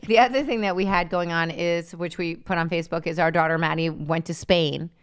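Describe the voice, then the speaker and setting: Smooth-voiced woman telling a story. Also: on the low side, a little fast. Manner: animated storytelling. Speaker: co-host. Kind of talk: casual live-stream chat.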